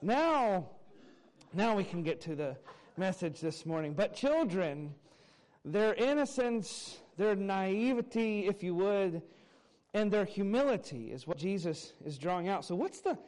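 A man's voice: high voice, expressive, unhurried, darkish tone. A man preaching a sermon from a church pulpit, conversational and folksy, telling stories to the congregation. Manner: conversational, folksy storytelling with fillers. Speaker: pastor. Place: church sanctuary.

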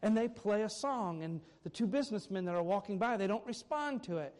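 A male pastor delivers a sermon with a high-pitched voice for a man. He talks animatedly, rising to loud emphasis on key points and dropping to quiet asides. When he gets excited he repeats words. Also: brisk.

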